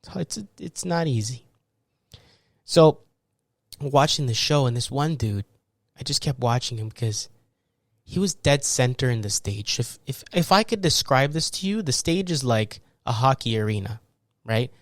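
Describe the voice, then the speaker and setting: A male podcast host tells a rambling story and jumps into loud impressions of the people in it. His voice sits at an ordinary middle pitch. The recording is close and dry, with no room sound. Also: moderate pace, no echo. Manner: animated, acts out people with loud laughs and shouts. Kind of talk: casual storytelling monologue.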